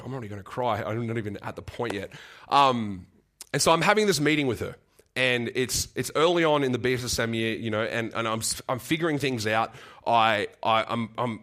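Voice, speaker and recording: Brief: young man, earnest halting preacher, mid-pitched voice. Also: a bit bright. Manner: earnest, halting, repeats words, gets choked up. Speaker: guest preacher. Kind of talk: sermon with personal story.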